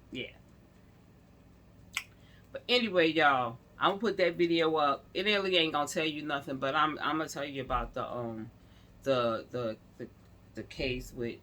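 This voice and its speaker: A woman's voice: low voice, bright, forceful tone. A woman telling a story in a casual storytime vlog, talking straight to her viewers and rambling as she goes. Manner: chatty, speaks to viewers directly; rambling, full of restarts.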